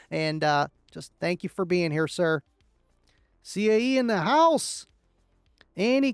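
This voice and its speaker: A man's voice: sits high, no room sound. A man hosting a casual livestream, rambling and thanking viewers by name as he reads the chat. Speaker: livestream host reading chat.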